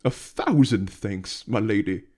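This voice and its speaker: A man reading aloud and voicing a cowardly, overweight merchant who stammers and begs in a raised, frightened voice. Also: a little slow. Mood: relieved. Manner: pleading, stammering, high and loud. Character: fat, cowardly, panicking male merchant.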